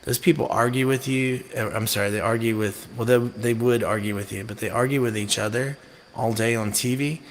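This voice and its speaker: A man's voice: medium pitch, steady tone, brisk. A man hosting a music live stream, rambling and joking irreverently between songs, with some mild swearing. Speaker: singer-songwriter and live-stream host.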